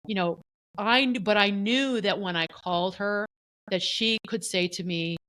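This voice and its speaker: A middle-aged woman co-hosting a podcast, telling a personal story in a candid, animated way and acting out what others said. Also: medium pitch, a little slow, dry recording, low-quality recording. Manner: candid, animated, often voices the people she quotes. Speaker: podcast co-host.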